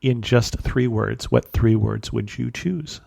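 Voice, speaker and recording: A man's voice: medium pitch, slow pace, vocal fry, a little mellow. A middle-aged man hosting a travel podcast, asking questions in a friendly, wry, casual way. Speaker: podcast host.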